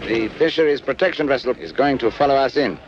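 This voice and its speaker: An actor playing a dutiful police inspector, formal, precise and polite. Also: male voice, medium pitch, fast talker, natural voice. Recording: dull lo-fi film soundtrack with engine noise.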